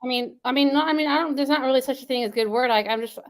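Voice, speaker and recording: Fast-talking rambling woman guest. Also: high voice. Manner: rambling, many restarts and "like"s. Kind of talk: casual interview talk.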